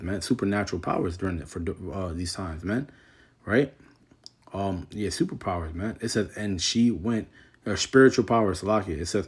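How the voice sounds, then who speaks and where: Man preaching, low pitch, husky tone, slow scripture reading, slangy asides. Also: expressive. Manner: reads scripture slowly, then explains in loose slang. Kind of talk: casual street-style Bible teaching.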